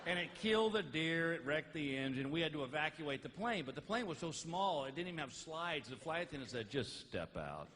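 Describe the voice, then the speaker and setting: A middle-aged man doing live stand-up comedy on stage, telling stories and landing each punchline slowly and loudly. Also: a little high, lively intonation, in a large hall. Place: large theater with audience. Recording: live stage recording with crowd laughter and noise. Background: audience laughing.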